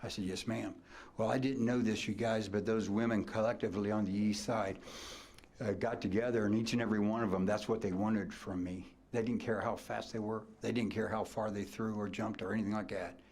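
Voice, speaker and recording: Older Midwestern man, coach, lowish voice; animated podium storyteller, whispers then bursts. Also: fairly quick. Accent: Midwestern American. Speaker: coach and hall of fame inductee. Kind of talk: acceptance speech storytelling. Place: banquet hall at a ceremony.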